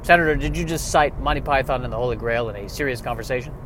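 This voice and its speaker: A man's voice: medium pitch, fast, noisy background, close to an everyday voice. A man voicing a skeptical male colleague who answers the senator in a dry, incredulous way.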